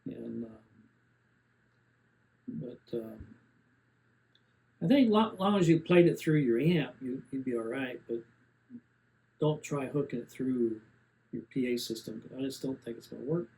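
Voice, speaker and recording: A man's voice: mid-range voice, unhurried, gravelly, pauses often, a little mellow, rough recording. A man in his seventies rambling plainly through a casual gear review, with many fillers and restarts. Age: 70s.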